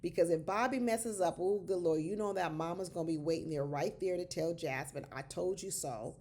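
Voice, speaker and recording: A woman giving casual, animated commentary on a reality show, exclaiming and talking straight to her viewers as y'all. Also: fairly low pitch, a little fast.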